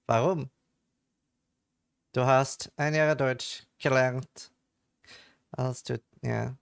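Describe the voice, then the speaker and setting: A man's voice: mid-range voice, steady tone, extremely slow, vocal fry, long pauses, clean tone. A man from England chatting casually with viewers on a live stream, joking around.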